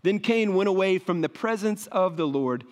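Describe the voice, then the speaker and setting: A man's voice: high-pitched, expressive, moderate pace, big-room sound. A man preaching a conversational sermon as a pastor, often tagging his points with "right?".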